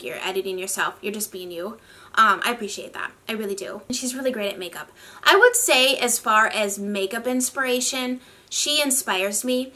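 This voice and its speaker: Bright-voiced chatty woman vlogger. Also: mid-range voice. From northern United States. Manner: rambly, chatty, laughs often. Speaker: beauty vlogger. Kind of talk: casual chat.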